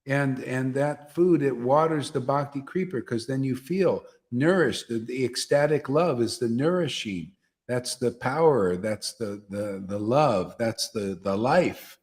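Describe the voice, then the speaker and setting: A man's voice: medium pitch, animated, a little slow, a little mellow. A man teaching a devotional gathering, repeating phrases and often asking "see?". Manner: repetitive, emphatic, asks listeners "see?". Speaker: spiritual teacher leading satsang.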